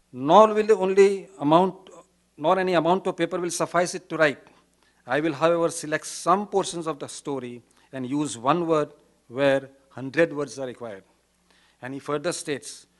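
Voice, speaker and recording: Priest-lecturer, Indian English accent, slightly higher male voice, emphatic and earnest, recites verse. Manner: earnest, emphatic, quotes and recites Persian couplets. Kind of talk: conference lecture.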